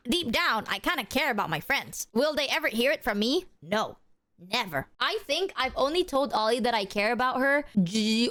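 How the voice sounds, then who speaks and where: Chatty young woman streamer, slightly high. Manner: rambling, filler-heavy, swears, addresses chat. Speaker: VTuber streamer. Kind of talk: casual stream chat.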